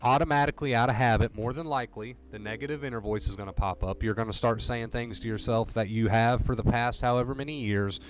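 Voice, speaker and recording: A man's voice: mid-range voice, fast talker, few pauses. A man coaching viewers through anxiety recovery on a livestream, talking earnestly and directly, repeating his points for emphasis. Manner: earnest, repetitive, direct pep talk.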